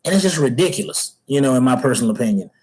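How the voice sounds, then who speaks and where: Husky man ranting slowly with many fillers. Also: medium pitch, animated, a little mellow, low-quality recording. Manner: hesitant, many fillers and restarts. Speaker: fatherhood channel host. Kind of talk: casual solo rant.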